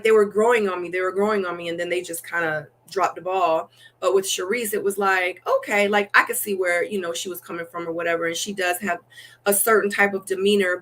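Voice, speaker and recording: A young adult woman chatting as a guest in an interview, telling stories animatedly and acting out what people say, with lots of "like" fillers. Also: on the low side. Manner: animated storytelling, acts out quotes, many "like" fillers. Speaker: dating show guest. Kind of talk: casual interview chat.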